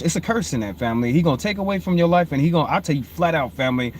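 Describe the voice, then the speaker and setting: High-voiced man preaching casually. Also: expressive, racing, few pauses, a little hiss or hum. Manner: repetitive, calls listeners "family"; swings between low murmured reading and loud emphatic rising preaching. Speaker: host. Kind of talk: informal preaching on proverbs.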